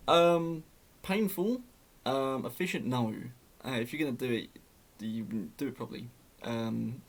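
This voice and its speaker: Sarcastic guy with a gravelly voice. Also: mid-range voice. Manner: sarcastic, laughs at his own story. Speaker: storyteller. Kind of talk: casual storytime narration.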